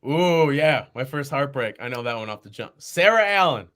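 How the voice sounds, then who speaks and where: A young man, a podcast guest, telling stories in casual chat, animated and laughing often as he acts out quoted voices. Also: medium pitch, moderate pace, over a noisy crowd.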